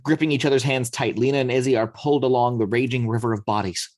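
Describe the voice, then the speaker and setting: A man narrating the action lines of a screenplay read-through in a steady storytelling manner. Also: medium pitch, fast, no echo. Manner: steady storytelling, occasional slips. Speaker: narrator reading action description.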